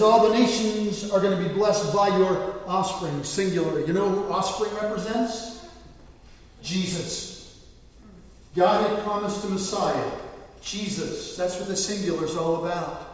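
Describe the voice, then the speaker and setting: A middle-aged man delivers an earnest sermon in a slightly high voice, swelling louder as he quotes scripture. He stands some way from the mic, and his words ring through a large, reverberant hall. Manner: earnest preaching, swells louder when quoting God. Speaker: pastor. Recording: echoey hall, voice from far off the mic.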